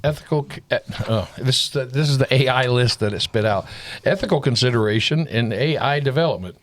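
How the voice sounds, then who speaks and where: A man's voice: mid-range voice, brisk. A man in his fifties hosting a casual church panel discussion. He rambles and retells stories using quoted dialogue. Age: 50s. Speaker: host.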